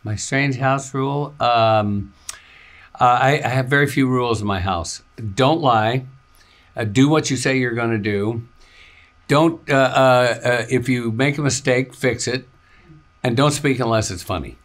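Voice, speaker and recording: A relaxed older man answers interview questions in an easygoing, laid-back way. He chuckles between answers. His voice sits at an ordinary middle pitch. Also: a little slow. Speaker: actor guest. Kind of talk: casual interview chat.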